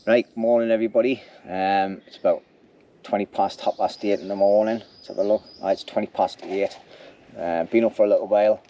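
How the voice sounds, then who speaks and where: A man's voice: lowish voice, fairly even intonation, fairly quick, warm tone, muffled recording, slight background noise. A man talking casually to camera at an outdoor camp, rambling and ending lines with "like", with a snotty nose. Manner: chatty, rambling, says "like" at ends. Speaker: bushcraft vlogger.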